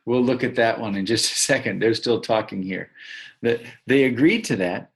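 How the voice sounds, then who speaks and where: A male teacher reading a story aloud to young children and explaining new words gently. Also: mid-range voice, moderate pace, vocal fry, slightly rough. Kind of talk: storybook read-aloud lesson.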